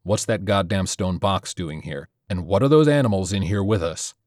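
Man doing furious squad leader, deep voice, clipped and cursing, dry close sound. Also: moderate pace, darkish tone, dry recording, lightly acted. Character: angry male squad leader, blunt and swearing.

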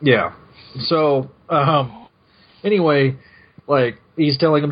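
A husky, slightly breathy man hosts a podcast, walking through a comic issue in loose, rambling chat. He corrects himself and laughs often. The audio is muffled and lo-fi. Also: a little high, takes it slowly, long pauses. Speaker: podcast host. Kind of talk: casual chat recapping a comic.

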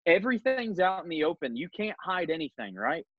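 A man's voice: high-pitched, very animated, fairly quick, slightly rough, no room sound, narrow, tinny audio. Earnest man leading a Bible study. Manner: earnest, emphatic, reads scripture aloud. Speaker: podcast host.

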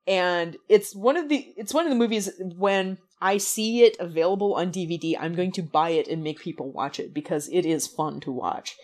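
A woman's voice: fairly low pitch, normal speed, hardly any pauses, a little mellow. Podcast co-host: woman, casual, enthusiastic, laughs a lot. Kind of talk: casual chat.

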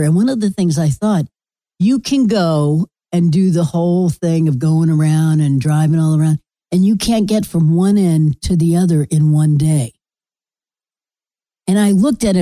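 A woman's voice: fairly low pitch, mellow, no echo. A middle-aged woman hosting her own podcast, telling rambling, blunt and sometimes profane stories in a casual monologue. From Florida resident. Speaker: podcast host.

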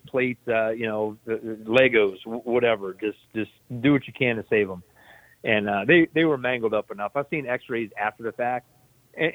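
Over a tinny, phone-like line with no echo, an army veteran with a mid-range voice tells a story casually. He's laid-back and profane, laughing as he goes.

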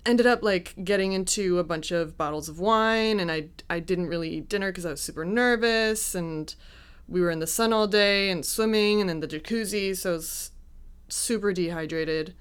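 A young woman with a smooth, clear voice and a slightly low pitch tells a personal story in a chatty, casual way. She laughs easily at her own mishaps and acts out what people said. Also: moderate pace. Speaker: guest telling a personal story.

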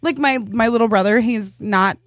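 A woman's voice: a little high, no echo. A woman co-hosting a podcast, telling stories in casual chat and laughing often. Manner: giggly, quick storytelling. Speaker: podcast co-host.

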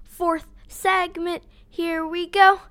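A man putting on a high, drawn-out, sing-song announcer voice as a joke. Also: little pitch movement, sharp tone, no echo, clean studio sound, heavily acted. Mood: teasing.

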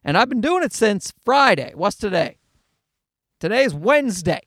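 Guy vlogging, high lively voice that jumps all over, blunt and sweary, keeps restarting. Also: moderate pace, no room sound, studio quality. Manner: blunt and profane, with many restarts. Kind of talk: casual personal chat to camera.

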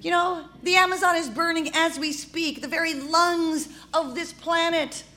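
A woman's voice: very high-pitched, steady tone, moderate pace, sharp tone. A woman performer in a comedic rant, impassioned and stammering through restarts.

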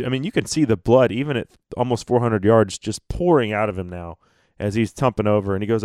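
A man hosting a podcast, telling a hunting story in a lively way, acting out what others said and laughing often. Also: mid-range voice, fairly quick, dry recording, studio quality. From North America. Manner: animated storyteller, acts out quotes, laughs often. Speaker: podcast host.

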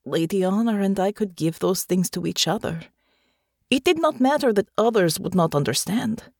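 A woman voicing an earnest, resolute young woman soldier in an audiobook, soft-spoken and formal. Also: mid-range voice, animated, moderate pace, dry recording, clean studio sound, voice pushed up. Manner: soft, sincere, formal phrasing. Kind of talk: audiobook character voice.

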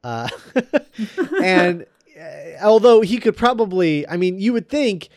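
A man's voice: sits high, slow, no echo, clean studio sound. A man co-hosting a podcast, chatting casually and jokingly about a film. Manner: animated, joking.

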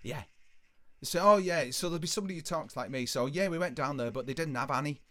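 A man's voice: a little high, fast talker, fairly bright tone. A man telling a rambling, sweary anecdote on a casual podcast. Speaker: podcast co-host. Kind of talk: casual storytelling chat.

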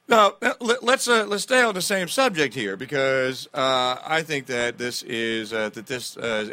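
A man hosting a political talk radio show, animated and sarcastic, often laughing at the news he reads out. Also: mid-range voice.

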